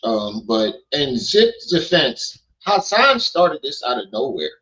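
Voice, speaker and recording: A man's voice: mid-range voice, big pitch swings, slow pace, bright, forceful tone, low-quality recording. A man hosting a casual livestream, joking and swearing as he talks to his chat. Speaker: livestream host. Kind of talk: casual commentary stream. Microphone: streaming mic.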